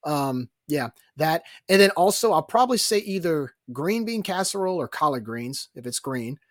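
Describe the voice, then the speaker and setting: A man from New Orleans, co-hosting a casual sports podcast and telling stories in an animated, joking way. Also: a little high, normal speed, no room sound, clean studio sound. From New Orleans, Louisiana. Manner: animated, jokey storyteller. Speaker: podcast co-host.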